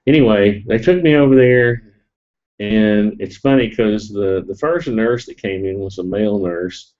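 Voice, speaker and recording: A man's voice: on the low side, measured pace, a little mellow. A middle-aged man, sniffling as he tells a rambling, jokey story to a live stream audience. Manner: rambling and jokey, with fillers and laughs. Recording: dull lo-fi webcam audio.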